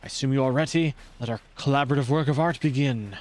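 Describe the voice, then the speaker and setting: A man's voice: mid-range voice, fast, darkish tone, close to an everyday voice. A man voicing a pompous, flamboyant male artist gym leader with a put-on French accent, speaking in a grandiose, formal way.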